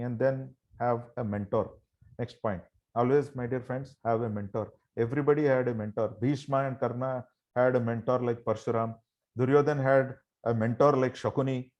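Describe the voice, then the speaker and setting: Over a video call, a male motivational trainer leads an online session, speaking emphatically and firing rhetorical questions at his listeners. He keeps addressing them as "my dear friends." His voice is medium in pitch and steady at a normal speed, and the recording sounds muffled.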